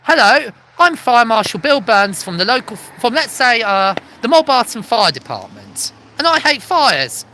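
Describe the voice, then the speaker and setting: A woman's voice: a little high, very animated, moderate pace, hardly any pauses, pushed and bright, a little hiss or hum, pitched above the performer's own voice. A woman playing a blustering fire marshal. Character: blustering male fire marshal who hates fires.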